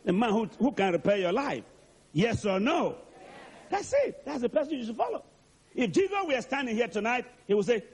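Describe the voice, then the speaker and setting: A man's voice: high voice, very animated, brisk, breathy edge. A man preaching a sermon. He is dramatic and asks the congregation to answer back. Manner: dramatic, calls for responses.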